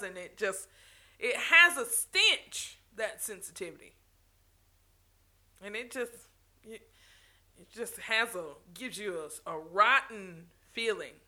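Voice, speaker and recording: A woman's voice: mid-range voice, pushed and bright. A woman speaking passionately to her viewers in a motivational talk, stopping and restarting phrases and laughing now and then.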